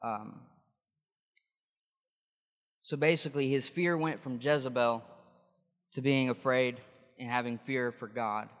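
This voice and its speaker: A man's voice: medium pitch, fairly even intonation, slow, pauses often. Man preaching in a reverberant hall. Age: adult. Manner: conversational, explanatory, with restarts. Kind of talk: sermon.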